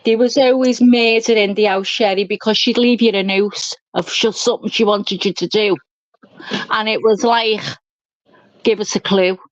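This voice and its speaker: A woman hosting a livestream, chatting casually and telling stories in an animated, talkative way. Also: medium pitch, normal speed, no echo. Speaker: livestream host. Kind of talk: casual chat. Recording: dull dry lo-fi stream audio.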